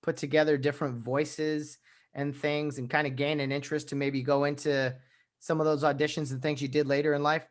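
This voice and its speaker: Male interviewer, relaxed and chatty, loose rambling questions, a bit high-pitched. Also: fairly quick. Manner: easygoing, laughs along, asks rambling questions. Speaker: host. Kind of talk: casual interview chat.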